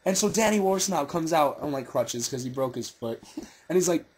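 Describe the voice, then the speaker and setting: A man's voice: on the high side, lively intonation, normal speed, a little mellow, a little hiss or hum. A teenage boy co-hosting a casual chat, telling stories in a mocking way. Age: teens. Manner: storytelling, mocking. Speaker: co-host.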